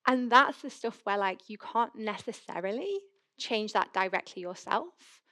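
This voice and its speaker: A woman's voice: medium pitch, lively intonation, a little slow, bright, forceful tone. A young woman giving a conference talk in a hall, telling chatty personal stories and acting out her own thoughts. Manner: chatty, storytelling, acts out her own inner voice. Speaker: conference speaker.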